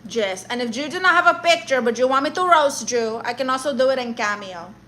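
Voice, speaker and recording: A woman's voice: high voice, expressive, brisk, bright, forceful tone, slight background noise, low-quality recording. A woman live streaming, reading viewer messages and roasting them in a sassy, mock-arrogant way, dropping Spanish words.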